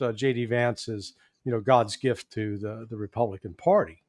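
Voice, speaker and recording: A man with a Midwestern accent giving political commentary as an interview guest, folksy and animated, chuckling often. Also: medium pitch, normal speed, dry recording. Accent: Midwestern American. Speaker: guest, former intelligence analyst.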